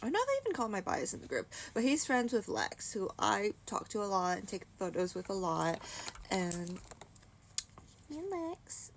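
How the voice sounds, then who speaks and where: A woman's voice: medium pitch, very animated, a little fast, creaky, a little hiss or hum. A woman vlogger tells a story in a casual, rambling way. She fills her talk with "like" and restarts, and her voice rises and falls a lot.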